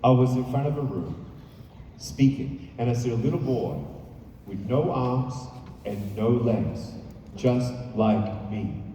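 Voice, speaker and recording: A man giving an animated motivational speech from a stage, telling stories with playful asides to the crowd. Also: mid-range voice, slow pace, slight background noise. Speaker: motivational speaker. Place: large hall on stage. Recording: echoey hall from far off.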